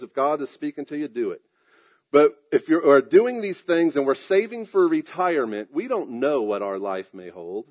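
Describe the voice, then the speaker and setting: A man with a slightly raised pitch preaches a sermon. He stretches out his emphatic lines, then drops into soft, quick asides. Now and then he clears his throat. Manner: preaching with emphatic drawn-out phrases and sudden asides. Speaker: pastor.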